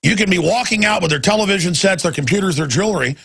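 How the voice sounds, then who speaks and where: Man, talk radio monologue, husky, fairly high voice, impassioned ranting. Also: animated, fast talker, a bit bright. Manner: impassioned, ranting, repeats words.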